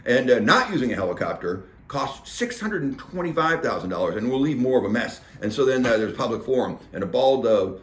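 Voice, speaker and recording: A man of average pitch talks through a recap in a loose, rambling way, leaning on fillers and slipping into the voices of the people he quotes. His voice carries a roomy echo. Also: animated, a little fast, hardly any pauses, fairly bright tone, a little hiss or hum. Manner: chatty, filler-heavy, acts out quotes. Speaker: local government meeting recapper. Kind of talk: casual spoken recap.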